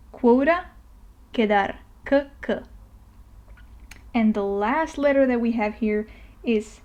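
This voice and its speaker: A woman's voice: on the high side, warm tone. Patient woman teaching pronunciation. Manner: patient, explains step by step with frequent "okay?" checks. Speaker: language teacher. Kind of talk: narrated language lesson.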